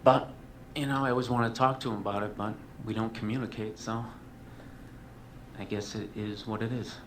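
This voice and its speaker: A man's voice: fairly low pitch, steady tone, moderate pace, fairly bright tone, slight background noise. A male comedian telling a long story as a talk show guest. He rambles, swears freely and mocks himself. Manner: profane, rambling, self-mocking.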